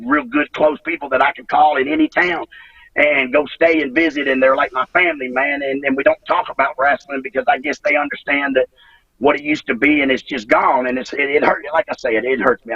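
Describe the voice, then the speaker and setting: A man in his forties, a former pro wrestler guest, talking emotionally and profanely, halting and restarting often. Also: mid-range voice, vocal fry, a bit bright, slightly rough, dry recording. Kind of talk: emotional interview. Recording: dull lo-fi sound from a distance.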